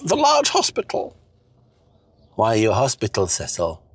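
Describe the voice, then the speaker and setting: A man's voice: on the low side, huge pitch swings, moderate pace, a bit bright, breathy edge, dry recording, full character voice. A man voicing an elderly, foul-mouthed, bossy wife who nags and mocks in a crude, sarcastic way. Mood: nagging.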